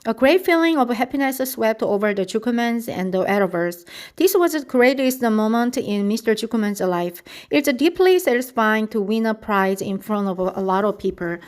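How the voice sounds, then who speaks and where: A woman reading a children's storybook aloud at a steady, careful pace. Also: on the high side, normal speed.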